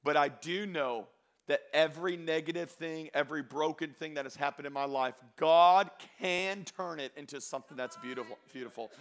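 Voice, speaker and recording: A man preaching a sermon, moving between loud exhortation and quiet storytelling, drawing out key phrases slowly. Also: fairly high pitch. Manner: slows down and stretches phrases for emphasis. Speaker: pastor.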